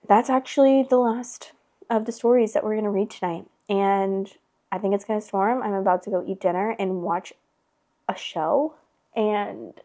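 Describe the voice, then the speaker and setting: A woman's voice: medium pitch, mellow. A young woman in her twenties hosting a podcast, telling a personal story in a casual, chatty way, with lots of "like" and frequent swearing. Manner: chatty, heavy filler "like", swears freely. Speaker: podcast host.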